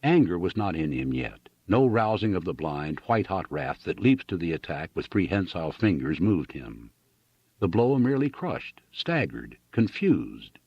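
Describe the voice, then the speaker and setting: A man reading a novel aloud as an audiobook narrator, in an expressive, dramatic style. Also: low-pitched, normal speed, breathy edge, dry recording, dull audio. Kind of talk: scripted narration.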